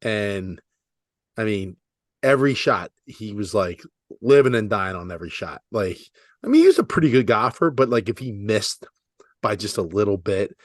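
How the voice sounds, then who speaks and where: A man's voice: lowish voice, very animated, moderate pace, no echo, studio quality. Laid-back swearing podcast guy. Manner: laid-back, swears freely, says 'like' and 'dude' a lot. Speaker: podcast co-host. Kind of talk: casual chat.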